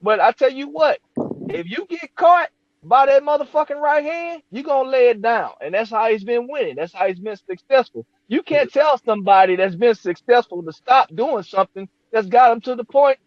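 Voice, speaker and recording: A man's voice: very high voice, expressive, moderate pace, no room sound, lo-fi sound. A man in a heated casual debate on boxing, cutting in often, swearing and repeating himself to take the floor. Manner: cuts in, swears, repeats "hold up". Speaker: debate panelist.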